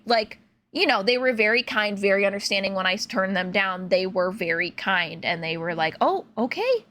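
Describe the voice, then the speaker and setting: A young woman from Illinois, a streamer telling stories in casual, animated chat full of fillers while she plays a game. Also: mid-range voice. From Illinois, USA. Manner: animated, chatty, filler-heavy, laughs often. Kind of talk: casual storytelling while gaming.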